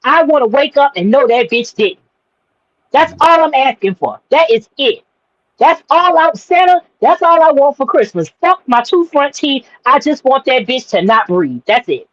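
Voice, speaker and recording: A woman's voice: high voice, animated, moderate pace, no room sound, dull audio. A woman co-hosting a podcast in brash, profane casual chat, rambling and repeating herself. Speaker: podcast co-host.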